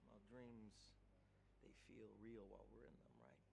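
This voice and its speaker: A low, gravelly male dream thief who explains things patiently and steadily, heard as film dialogue. His deep voice sits under a layer of noise from the film audio playing in a stream. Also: animated, measured pace, full character voice. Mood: calm explaining. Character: calm male dream thief teaching a recruit.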